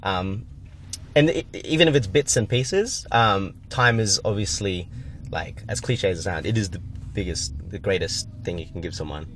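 Young male co-host, lowish voice, relaxed slangy chat, faint hiss of a parked car around him. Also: normal speed. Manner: laid-back, loose slang and swearing. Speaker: podcast co-host. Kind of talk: casual chat.

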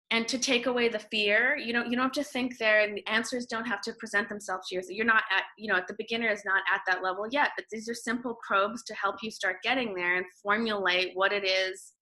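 Woman guest, Canadian-born, bright, forceful tone, animated storyteller who restarts sentences. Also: fairly high pitch. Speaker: podcast guest, author. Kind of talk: casual interview talk.

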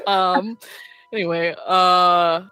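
A woman narrating a tabletop game as game master, chatty and quick, laughing often. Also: on the low side, sharp tone, clear, resonant tone, rough recording.

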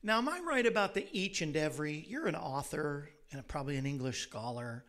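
A man's voice: on the high side, expressive, brisk, fairly bright tone. A man hosting a talk show, telling rambling stories in a casual way and laughing at his own jokes. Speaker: radio show host. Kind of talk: casual chat.

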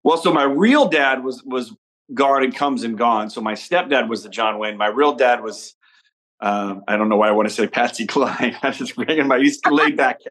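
A man from Nebraska, a podcast guest talking in a relaxed, rambling way about his upbringing and family. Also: medium pitch, normal speed, low-quality recording. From Nebraska, USA. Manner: easygoing, rambling storyteller. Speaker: podcast guest, father and entrepreneur. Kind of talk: casual interview conversation.

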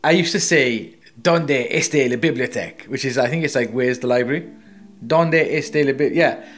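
A man talking in a loose, sweary way, full of restarts and "like". His voice sits at an everyday middle pitch, and he jumps excitedly into stories. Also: brisk, faint music behind. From Wales. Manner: sweary, rambling, animated storytelling. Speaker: co-host, tattoo artist. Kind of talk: casual chat.

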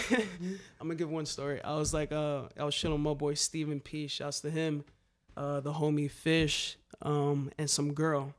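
A man telling wild stories in casual chat, swearing often and acting out what people said. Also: on the high side. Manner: animated, swearing, slangy, acts out quotes. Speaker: graffiti writer telling stories. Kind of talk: casual storytelling.

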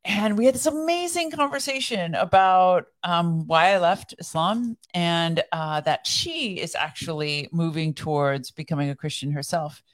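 A middle-aged woman co-hosting a faith podcast, chatting casually and telling animated stories, often acting out other people's lines. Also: measured pace, hardly any pauses. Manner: animated storyteller, acts out quoted voices with high excited pitch. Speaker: podcast co-host. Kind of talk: casual conversation.

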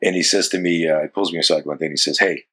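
Canadian guy in his 60s, deep husky voice, rambling chatty guest who restarts a lot. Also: steady tone, rapid-fire, pushed and bright. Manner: rambling, self-interrupting, with casual swearing. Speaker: self-defense coach, guest. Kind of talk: casual interview chat.

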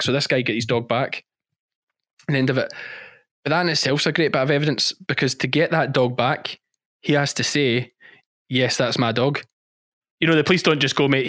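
A man, a sheep farmer and former policeman, recounting a story in a podcast interview with emphatic, animated delivery and frequent restarts. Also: medium pitch, dry recording, clean studio sound.

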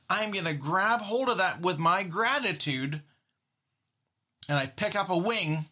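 A man's voice: a little high, sharp tone. A man, a therapist, talking casually about everyday moments and acting out his own reactions, with many restarts. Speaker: therapist and podcast host. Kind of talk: casual monologue.

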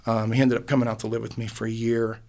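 A middle-aged man talks about his life as a musician in a podcast booth. His voice has a gravelly rasp. He rambles warmly and restarts his sentences often. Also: mid-range voice, level tone, quick pace. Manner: rambling and heartfelt, many restarts. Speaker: musician guest. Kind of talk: casual interview conversation.

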